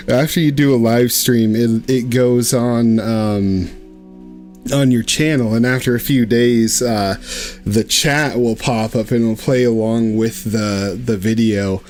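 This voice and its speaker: A man's voice: medium pitch, fairly even intonation, takes it slowly, darkish tone, faint music behind. Swearing, wheeze-laughing man. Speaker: streamer. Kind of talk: live-stream gameplay chat.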